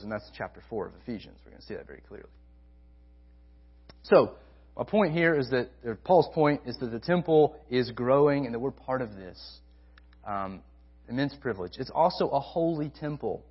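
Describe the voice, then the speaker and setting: A man preaching a sermon to a college ministry, emphatic, repeating key phrases and swinging between loud stresses and soft asides. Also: on the high side, breathy edge, highs cut off.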